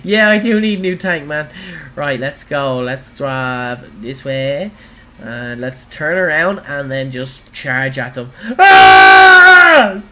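An Irish woman livestreaming gameplay, giggling often and breaking into excited squeals and shouts. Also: rumbling low, takes it slowly, background noise. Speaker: gaming livestreamer. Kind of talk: live gameplay commentary.

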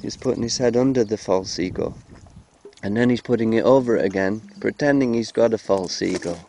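Gravelly man rambling jokily to camera. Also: on the low side, a little fast, warm tone, slight background noise. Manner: rambling, joking, chants mantras. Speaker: vlogger filming animals. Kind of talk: rambling joking commentary to camera. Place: cold outdoor field.

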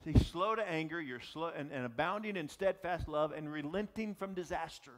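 A male pastor delivering a sermon, his voice sitting a little above the usual for a man. He preaches in an animated way, often restarting phrases and turning to the audience with quick asides. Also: on the high side. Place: church or gathering space for young adults.

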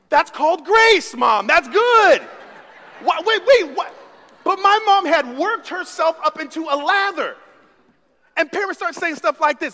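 A man preaching a sermon as pastor, telling stories with big swings from hushed to shouting. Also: extremely high pitch, animated, normal speed, long pauses. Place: church sanctuary. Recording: long reverb of a church hall.

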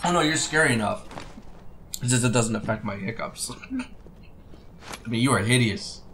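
Male let's play host; animated, playful roaster with faint background ambience. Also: mid-range voice, brisk, noisy background. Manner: teasing, jokey banter. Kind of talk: casual chat while playing.

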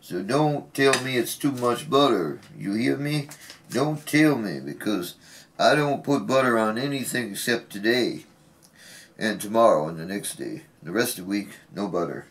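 A man's voice: fairly low pitch, animated, moderate pace. A man hosting a casual home cooking vlog from his kitchen, chatting to viewers with playful, teasing asides. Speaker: cooking show host.

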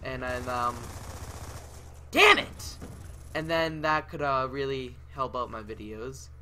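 A young man giving chatty commentary over his gameplay, often breaking into loud, raging yells, on a desktop mic at home. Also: medium pitch, steady tone, moderate pace, a little hiss or hum. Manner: chatty, often bursting into yelling rage. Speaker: gaming channel host. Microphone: desktop USB mic with pop filter.

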